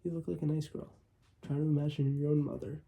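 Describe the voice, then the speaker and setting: A man's voice: fairly high pitch, little pitch movement, quick pace, vocal fry, warm tone, rough recording. A man reading as a grave, grieving father. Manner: grave, formal pleading.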